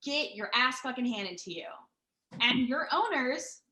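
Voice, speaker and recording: A woman's voice: sits high, animated, a little slow, sharp tone. A woman telling a long story in casual chat, rambling and profane, with lots of fillers and restarts. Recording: roomy echo.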